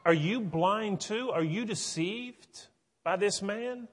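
Brief: a preacher voicing mocking religious elders, raised higher and pushed louder, echoing in a large hall. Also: male voice, animated, fairly quick, slightly rough. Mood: incredulous. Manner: mocking, disbelieving. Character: incredulous scoffing religious leaders, male.

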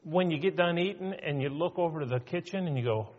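A man's voice: on the high side, a little fast. A middle-aged male pastor preaching a sermon in a conversational way, often acting out quoted voices. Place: church sanctuary. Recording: muffled church hall with long reverb.

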